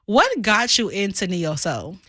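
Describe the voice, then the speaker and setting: Playful female radio host, bright tone, dry studio sound. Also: medium pitch, sing-song, measured pace, dry recording. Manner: playful, laughs often, teasing. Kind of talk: casual interview chat.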